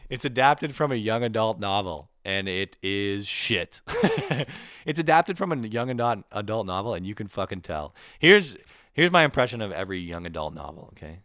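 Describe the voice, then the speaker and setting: Lively, low-voiced ranting Canadian man. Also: fairly quick, dry recording, studio quality. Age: 20s. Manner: profane, animated, ranting with bursts of mock voices. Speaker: comedian podcast host. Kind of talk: profane comedic rant.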